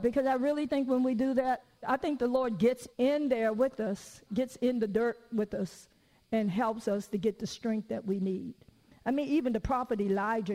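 Her fairly high, slightly mellow voice carries through a large room as this middle-aged preacher talks her sermon through. She tells stories, imitates the people she quotes, and slips in jokes along the way.

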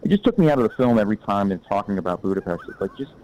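A man's voice: on the low side, big pitch swings, rapid-fire, dark tone, muffled recording, slight background noise. A man in casual film chat, giving blunt, opinionated takes.

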